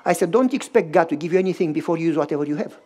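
A pastor with a Romanian accent, a non-native English speaker, preaching a sermon and telling a story with animated, acted-out dialogue. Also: male voice, on the high side, very fast. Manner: animated, acts out dialogue in shifting voices.

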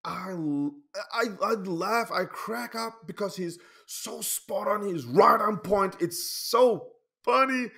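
A man who is not a native English speaker, talking through a falling-out with a friend in a rambling, heated monologue, often checking "okay?" and swinging between loud outbursts and quiet asides. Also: high-pitched, lively intonation, slow pace, gravelly. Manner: rambling, repetitive, keeps asking "okay?". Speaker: channel host. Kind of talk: emotional personal vlog monologue.

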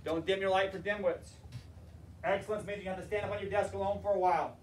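A male teacher giving a classroom lecture on leadership and telling stories in an animated, emphatic way. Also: sits high, fast talker. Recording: roomy, distant mic, faint noise.

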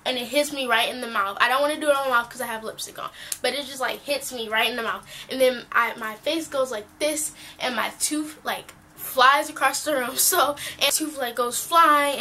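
A teenage girl vlogging casually, telling a rambling, animated story full of fillers. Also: on the high side, a little hiss or hum. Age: teen.

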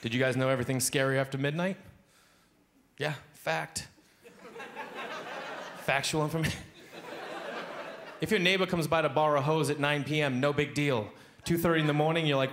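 A man doing a stand-up comedy set on a club stage, animated and jumping into high-pitched acted voices, with a handheld stage mic. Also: brisk, pauses often. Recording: live club recording with audience noise. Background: audience laughter.

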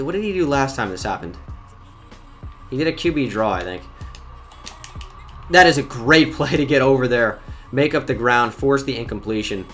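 A young man giving live commentary on his own football video game, excitable and talkative, jumping from loud outbursts to muttered complaints about his players. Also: medium pitch. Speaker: gaming YouTuber.

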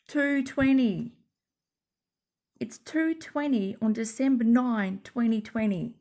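A woman with a croaky voice rambling sarcastically at home while smoking, as a YouTube commentator. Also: a little high, takes it slowly, warm tone. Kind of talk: rambling casual monologue.

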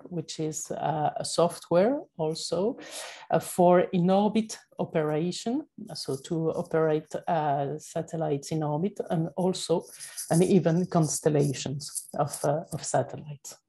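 A woman with a French accent giving a conference presentation, speaking haltingly with many fillers and self-corrections. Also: low-pitched, mellow, poor audio. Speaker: panel speaker.

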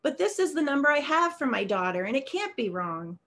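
A lonely old widower calling strangers, polite and a little hesitant, his voice pitched fairly high as a woman reads him aloud. He asks his questions carefully, like someone reaching out into the dark. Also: big pitch swings, a little fast, heavily acted.

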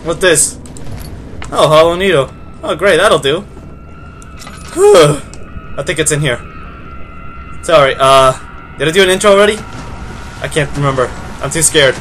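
A man giving horror game play-by-play, panicking and repeating words in rapid bursts. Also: on the high side, a bit bright, a little hiss or hum. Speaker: gameplay commentator. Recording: game music playing behind.

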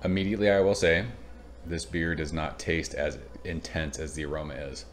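This Southern California home beer vlogger, a man in his thirties with a deep voice, talks at a normal speed, rambling, growing excited, and cursing casually along the way. A little hiss or hum runs through the recording.

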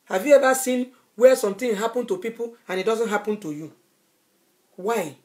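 Fervent woman evangelist preaching. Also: medium pitch. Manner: fervent preaching, repeating phrases for emphasis. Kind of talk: sermon. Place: Europe.

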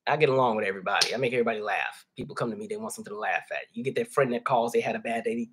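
This livestream host reads his chat and chats casually, addressing viewers as y'all. His medium-pitched, slightly bright and husky voice stays fairly even in intonation while he races along with hardly any pauses.

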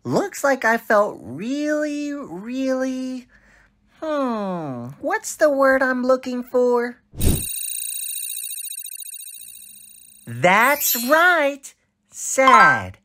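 A cheerful young boy in a children's cartoon, who talks straight to the kids watching. The voice is high and bright, with wide sing-song swoops. He speaks slowly and coaxingly and keeps asking questions. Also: sing-song, exaggerated voice. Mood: thoughtful. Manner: exaggerated, coaxing, asks the viewer questions. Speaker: narrator of a social story. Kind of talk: animated children's story narration.

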